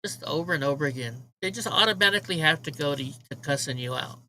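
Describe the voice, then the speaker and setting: A man's voice: on the high side, expressive, fast, sharp tone, slight background noise, rough recording. A man hosting a casual livestream, ranting with profanity and mocking remarks while he talks to his chat. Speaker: livestream host.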